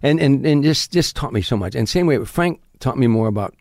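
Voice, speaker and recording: Fast-talking older man spinning showbiz stories. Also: mid-range voice, no room sound, clean studio sound. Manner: animated, rapid anecdotes with frequent restarts. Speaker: comedian guest. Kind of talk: storytelling in an interview.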